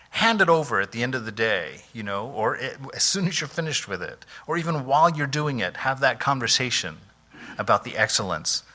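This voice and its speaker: A man's voice: on the low side, pushed and bright. A monk giving an informal spiritual lecture, conversational and full of restarts and "you know"s, laughing easily as he goes. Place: temple hall.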